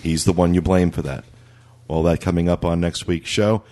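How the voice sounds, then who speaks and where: A man's voice: deep voice, fairly even intonation, normal speed, darkish tone. A man hosting a casual podcast in an easygoing way, wrapping up the show. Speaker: podcast host.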